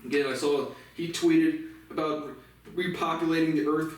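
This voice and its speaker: This commentary show host from the United States delivers a profane, sarcastic rant about the news, laughing as he goes. He speaks at a normal speed in a slightly high voice with fairly even intonation, captured in an echoey room by a distant microphone.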